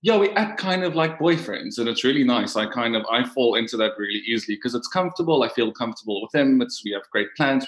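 Man from South Africa, caller, hesitant and searching for words, mid pitch. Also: low-quality recording. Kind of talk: casual conversation.

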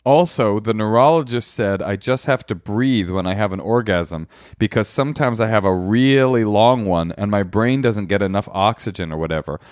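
A man's voice: on the low side, normal speed, dry recording, clean studio sound. A man co-hosting a podcast, reading listener emails aloud in a crude, wry, playful way. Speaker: podcast co-host.

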